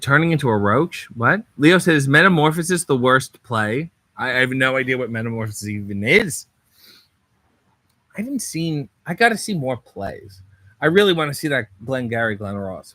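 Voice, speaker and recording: A man hosting a livestream in a hotel room, reading out viewer comments in casual chat with sardonic, deadpan asides. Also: mid-range voice, no room sound. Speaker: livestream host.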